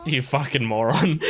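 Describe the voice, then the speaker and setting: A woman's voice: low-pitched, a bit bright. A woman hosting an anime reaction video, talking casually and emotionally, with exclamations and swearing. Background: faint anime music.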